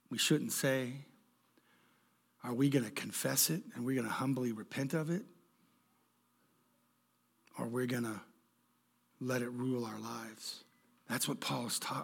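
A man's voice: mid-range voice, creaky, husky. A middle-aged male pastor preaching a sermon, emphatic, with stammering restarts and direct questions to the congregation.

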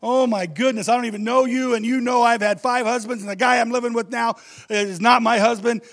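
A man's voice: very high-pitched, fairly even intonation, a little fast, gravelly, a bit bright, voice pushed up, exaggerated voice. A man doing an amazed, eager woman at a well.

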